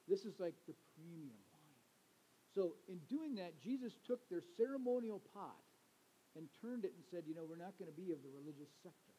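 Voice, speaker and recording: Pastor, middle-aged man, high and mellow, chatty sermon with jokes to the congregation. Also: expressive, a little fast, slight background noise, poor audio. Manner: conversational, joking asides to the congregation.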